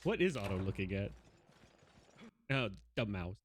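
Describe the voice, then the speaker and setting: A man's voice: fairly low pitch, big pitch swings, measured pace, a little hiss or hum. A man giving live gameplay commentary, playfully chatting to the monsters he fights. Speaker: game streamer. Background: game music.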